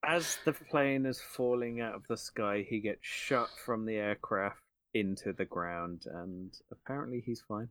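A man co-hosting a casual film review podcast, animated and quick to laugh. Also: fairly low pitch. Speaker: podcast co-host.

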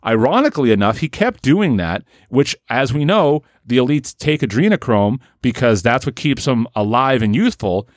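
A man telling a crude comedy story on a podcast in a rambling, deadpan way. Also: medium pitch, normal speed, hardly any pauses, no room sound, studio quality. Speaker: podcast host.

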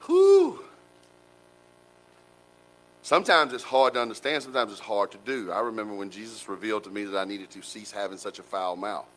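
A man preaching a sermon in a folksy, animated way, with colloquial asides to the congregation. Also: lowish voice, fast, few pauses, rough recording. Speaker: pastor.

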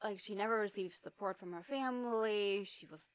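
A woman co-hosting a podcast in casual chat, chiming in with quick, emphatic agreement. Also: medium pitch, clear, resonant tone. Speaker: podcast co-host.

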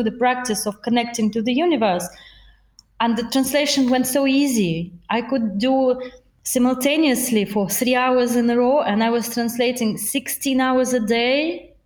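A woman talks in a conversational interview, her voice sitting a little high. She pauses often and restarts her phrases as she thinks. The sound carries a clear echo from the room around her. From Russia. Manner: reflective, hesitant, with many fillers and restarts. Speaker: guest.

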